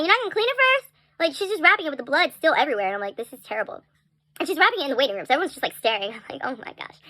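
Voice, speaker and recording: Bright, high-voiced chatty young woman. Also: no room sound. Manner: chatty, animated, frequent "like" and laughs. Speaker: storyteller. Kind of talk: casual storytime vlog.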